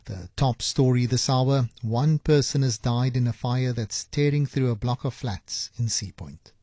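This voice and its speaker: A man's voice: mid-range voice, a little slow, warm tone, dry recording, studio quality. A man reading the weather and news headlines. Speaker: newsreader. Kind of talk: news bulletin.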